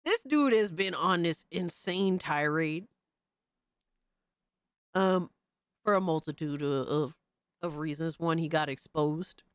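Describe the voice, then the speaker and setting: A woman streamer giving casual commentary, animated and mocking, swearing freely. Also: low-pitched, slow, pauses often, clear, resonant tone, no echo, clean studio sound.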